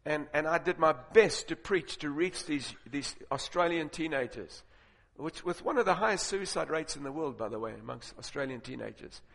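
A man preaching a sermon, telling stories and building to loud, emphatic points. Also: fairly high pitch, animated, normal speed, vocal fry, hardly any pauses. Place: large auditorium with audience. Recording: long reverb of a large hall.

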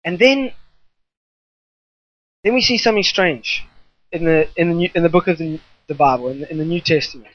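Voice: medium pitch, a little fast, long pauses, no echo, muffled recording. A preacher delivering a sermon to a gathering, talking in an emphatic, repetitive way with rambling asides.

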